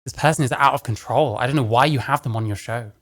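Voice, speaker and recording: A man's voice: mid-range voice, fast talker, a bit bright. A man giving blunt, mocking, profane commentary as he reacts to a clip.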